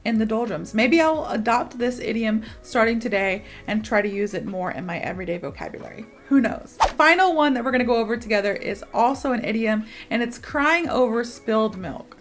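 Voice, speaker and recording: A woman's voice: a little high, a bit bright. Chatty young woman teaching English. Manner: chatty, upbeat, with playful asides. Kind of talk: casual online English lesson.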